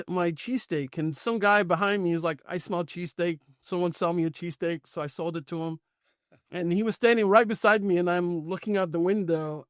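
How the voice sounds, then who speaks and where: A man's voice: sits high, no echo, studio quality. A middle-aged man casually telling a personal story on a podcast, acting out the lines of the people in it. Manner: animated storytelling, acting out quoted dialogue. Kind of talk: casual anecdote.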